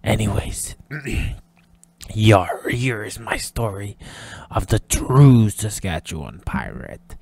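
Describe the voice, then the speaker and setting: A man putting on a gravelly jolly pirate. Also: lowish voice, sing-song, takes it slowly, darkish tone, no echo, voice pushed down, heavily acted. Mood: storytelling. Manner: growls pirate yar and arr, tells rambling tales. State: throat getting scratchy. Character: boisterous male pirate from the prairies. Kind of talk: gameplay commentary.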